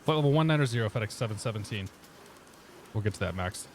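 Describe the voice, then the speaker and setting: A man with a lowish voice talks at a quick pace over a little hiss or hum. His accent is vaguely Midwestern with some Boston flair, and he chats in a relaxed, casual way while streaming a flight sim, reading back clearances like a pilot on the radio.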